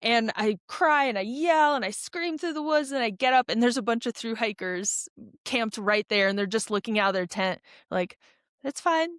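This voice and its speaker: Speaking at a normal pace in a slightly high, clean voice, this young woman is a guest on a podcast and an ultra runner. She rambles casually through a lengthy story, restarting often and leaning on fillers. The studio recording is clean with no echo.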